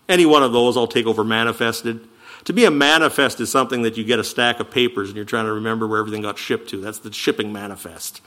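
A man preaching a sermon, teaching verse by verse and slowing down to stress key words. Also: mid-range voice. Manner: animated, emphatic teaching with slow stressed quotes.

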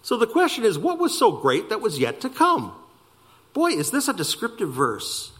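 A man preaching a sermon, slowing down to stress key words and speeding through asides. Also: sits high, husky. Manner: animated preaching, slowing for emphasis and rushing asides. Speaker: pastor.

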